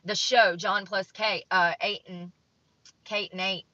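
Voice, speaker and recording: A woman's voice: mid-range voice, fairly even intonation, unhurried, pushed and bright, no echo. A young woman vlogger reading from an article and adding blunt, judgmental commentary. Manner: blunt and judgmental, reads aloud then comments. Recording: dull lo-fi sound, dry room.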